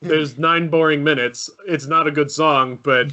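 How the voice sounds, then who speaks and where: This man speaks in a bright, somewhat high voice. He co-hosts a casual music chat and rambles, repeating words as he builds his point. He keeps the tone loose and conversational. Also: fairly even intonation, measured pace, dull audio. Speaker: podcast co-host reviewing an album.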